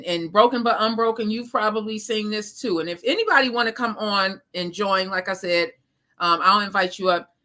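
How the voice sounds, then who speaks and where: Bright-voiced woman chatting on a live stream. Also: medium pitch. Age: 30s. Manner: talks straight to viewers with slang, laughs often. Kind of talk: casual live-stream chat reading viewer comments.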